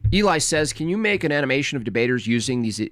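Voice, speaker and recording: A man's voice: mid-range voice, big pitch swings, quick pace, fairly bright tone, no echo. A man hosting a live stream, reacting to a debate clip in casual chat with a mocking, sarcastic manner.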